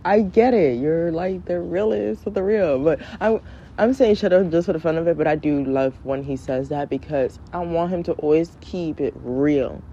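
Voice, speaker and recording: A woman in her thirties talking casually and comedically, blunt and profane, often mimicking her children in high voices. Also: normal speed, dark tone. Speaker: podcast host. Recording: dull lo-fi sound with faint background noise.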